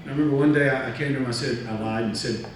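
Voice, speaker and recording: A man giving a talk, telling a story from his career in a lively way, acting out other people's lines and laughing at himself. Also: medium pitch, racing. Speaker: motivational speaker. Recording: echoey room, distant mic, faint noise.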